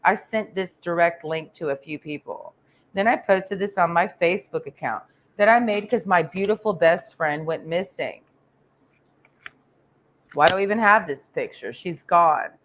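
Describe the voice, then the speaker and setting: A woman's voice: on the low side, normal speed, fairly bright tone, slight background noise. A woman from Texas ranting in a crude, confrontational vlog monologue, swearing constantly and rambling with trailing "and"s. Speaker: vlogger.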